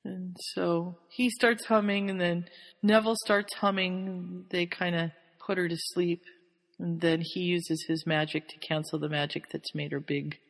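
A woman's voice: fairly low pitch, little pitch movement, unhurried, vocal fry. A woman host in casual chat, animatedly recapping a story, laughing often and slipping into quoted voices. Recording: long hall reverb.

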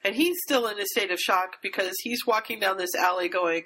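A woman's voice: mid-range voice, moderate pace, sharp tone, rough recording. Chatty woman podcast host. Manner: chatty, steers the discussion. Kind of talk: casual chat retelling a story.

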